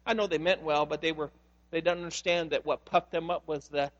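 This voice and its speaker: A pastor in a sanctuary delivers his sermon with a fairly high voice. He tells stories with animation and acts out the voices in them. Long reverb from the hall trails his words. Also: fairly even intonation, fairly quick, dull audio.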